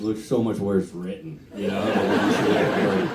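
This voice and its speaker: A man's voice: on the low side, steady tone, measured pace, few pauses, background noise. A singer-songwriter rambling self-deprecatingly between songs at a live concert, chuckling as he talks. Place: indoor concert venue with a live crowd. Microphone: stage mic, recorded by an audience camera from far off. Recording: echoey concert hall heard from far off, with crowd and band.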